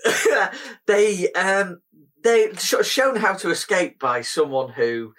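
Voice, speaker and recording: A man's voice: sits high, lively intonation, slow, a bit bright. A man co-hosting a casual film-review chat, recapping the plot with amused laughter. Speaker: podcast co-host.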